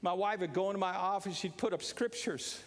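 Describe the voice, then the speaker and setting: A pastor preaching an impassioned sermon, repeating his points and rising to shouts. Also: high voice, a little fast. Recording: long reverb of a large hall.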